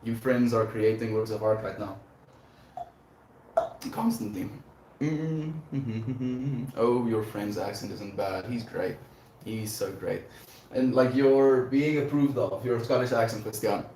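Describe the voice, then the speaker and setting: A man's voice: mid-range voice, slow pace, warm tone. Rambling, reflective man streaming live. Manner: rambling, reflective, laughs often. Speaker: livestream host. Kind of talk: casual livestream chat. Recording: echoey room, faint background noise.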